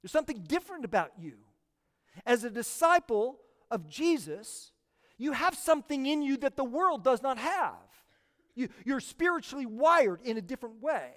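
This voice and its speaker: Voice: high-pitched, big pitch swings, normal speed, fairly bright tone, long reverb tail. A pastor preaching a sermon, emphatic and often repeating words for stress.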